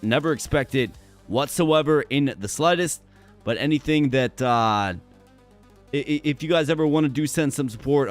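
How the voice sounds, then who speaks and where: Hoarse man, energetic live streamer, mid-pitched, faint guitar music behind. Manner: energetic, chatty. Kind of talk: casual live stream chat with viewers.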